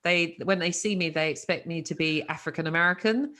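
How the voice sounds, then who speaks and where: A woman's voice: on the low side, brisk, pushed and bright. A British woman hosting an interview, laughing often as she talks. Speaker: interview host. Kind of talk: interview conversation.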